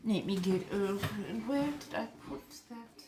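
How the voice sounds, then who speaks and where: A woman's voice: mid-range voice, heavy background noise, voice pushed up, close to an everyday voice. A woman voicing a centuries-old refined female vampire in a colonial American accent, chatting with viewers on a livestream and calling them darling. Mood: chatty. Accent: 1700s colonial American. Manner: genteel, unhurried, fond of endearments. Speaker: streamer. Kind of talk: in-character livestream chat.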